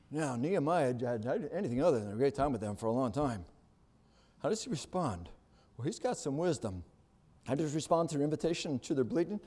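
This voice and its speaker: A man's voice: mid-range voice, dark tone. A middle-aged male pastor preaching a sermon, building emphasis with rhetorical questions.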